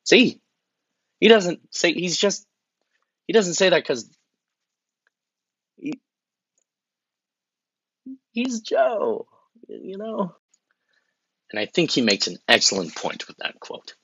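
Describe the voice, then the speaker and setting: A man's voice: on the low side, expressive, brisk, few pauses, pushed and bright, breathy edge, no echo, muffled recording, heavily acted. A man playing a flustered, awkward campaign spokesman in a comedy sketch, stumbling over bad examples and muttering asides.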